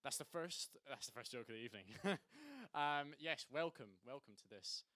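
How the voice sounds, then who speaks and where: A young Scottish man hosting a student stand-up night, chatty and self-deprecating, hyping the crowd in loud bursts. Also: mid-range voice, lively intonation, moderate pace, no room sound, clean studio sound. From Scotland. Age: young adult. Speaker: stand-up host and compere. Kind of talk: live stand-up comedy. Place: student comedy night venue.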